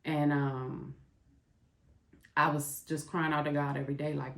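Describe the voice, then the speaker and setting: A woman's voice: sits low, flat delivery, unhurried, long pauses, a bit bright. A middle-aged woman hosting a podcast, talking to her listeners in a raw, heartfelt confessional way. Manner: raw, heartfelt, speaks straight to listeners as "y'all". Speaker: podcast host. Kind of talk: candid confessional monologue. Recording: roomy echo.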